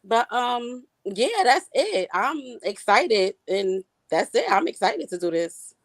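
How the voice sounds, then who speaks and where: A woman's voice: a little high, very animated, takes it slowly, dry recording. A woman from Brooklyn with a Brooklyn accent, a podcaster speaking frankly as a panel guest. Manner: frank, laughs easily. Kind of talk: casual panel chat.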